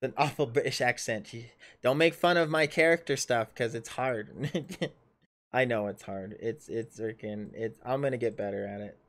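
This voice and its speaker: A man's voice: mid-range voice, normal speed. A man in his thirties acting as dungeon master on a casual livestream, thinking aloud as he reads out the adventure and calls for rolls. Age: 30s.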